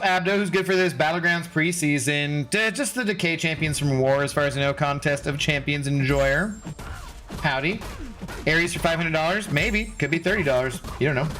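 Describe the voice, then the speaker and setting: A man in his forties from Washington State talks loosely with his livestream viewers, swearing freely and laughing often. His voice sits a little high and sounds bright and forceful. Faint music plays under him. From Washington State, USA. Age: 40s. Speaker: livestream host reading chat. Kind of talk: casual chat.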